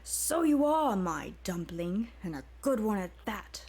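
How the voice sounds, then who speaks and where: A woman voicing a lecherous, pompous nobleman in a comic dramatic reading, drawing her words out slowly and leeringly. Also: sing-song, a little mellow, breathy edge. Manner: slow, drawn-out, leering, mock-deep.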